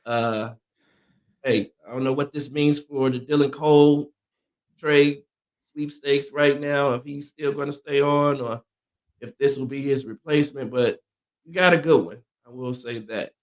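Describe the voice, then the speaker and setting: A man's voice: medium pitch, a little slow, highs cut off. A man co-hosting a sports talk show, chatting casually and hedging with many fillers. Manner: relaxed, hedging with "you know" and "man".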